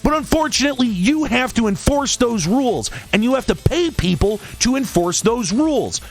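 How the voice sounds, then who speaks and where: Exasperated man ranting, high and swooping. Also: big pitch swings, moderate pace, faint music behind. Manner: exasperated, profane, sarcastic. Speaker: streamer and podcast host. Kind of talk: angry rant.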